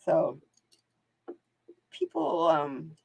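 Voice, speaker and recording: A woman's voice: sits low, big pitch swings, drawn-out words, creaky, darkish tone, slightly rough, dry recording. A woman hosting live card readings, chatting casually to viewers and laughing often as she wanders off into stories. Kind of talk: casual livestream chat.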